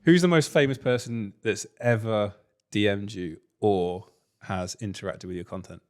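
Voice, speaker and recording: A man's voice: on the low side, moderate pace. A man co-hosting a podcast, asking short and direct questions out of curiosity. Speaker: podcast co-host. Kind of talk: casual interview chat.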